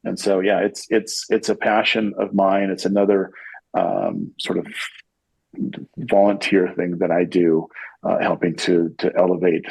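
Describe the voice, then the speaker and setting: A man talks in a relaxed, rambling way, often restarting his sentences. His voice sits low and sounds husky. It is recorded close and dry, with no room sound. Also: unhurried, no echo, rough recording. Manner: rambling with frequent restarts and fillers. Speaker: podcast guest, CEO. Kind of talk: casual conversational interview.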